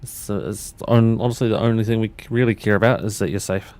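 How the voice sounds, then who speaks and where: On a livestream, a fast-talking man with a lowish, darkish voice works through cockpit steps. He banters loosely with viewers in casual commentary and keeps restarting his sentences.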